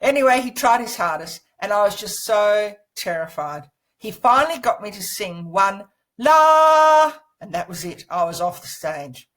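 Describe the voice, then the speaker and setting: A woman speaks in a mid-pitched voice as she presents a course lesson, telling a personal story with lively energy. She coaches and encourages the listener directly. She is seated indoors and recorded on a laptop microphone. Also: a little slow, rough recording.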